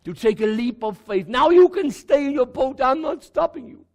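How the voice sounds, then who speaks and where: A South African man preaches to his congregation with fervour, his voice set very high and roughened by gravel. He hammers on repeated words and swings from near-whispers to shouts. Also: lively intonation, normal speed. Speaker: pastor. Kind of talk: sermon. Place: church before a congregation.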